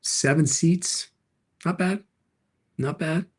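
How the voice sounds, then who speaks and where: Middle-aged guy doing a live car sales stream, chatty and jokey, quick replies to chat. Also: a little high, darkish tone, breathy edge. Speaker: livestream host and car dealer.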